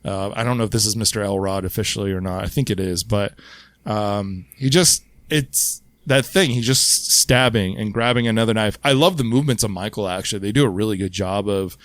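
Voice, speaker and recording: A man hosting a podcast in casual chat, retelling film scenes in a rambling, profane, animated way. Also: fairly low pitch, brisk, no room sound. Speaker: podcast host.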